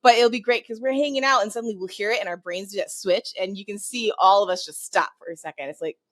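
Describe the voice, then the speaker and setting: A woman's voice: mid-range voice, quick pace, a bit bright, no echo. A woman from the Southern United States with a Northern US accent, co-hosting a podcast in rambling, casual chat and swearing freely. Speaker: podcast co-host.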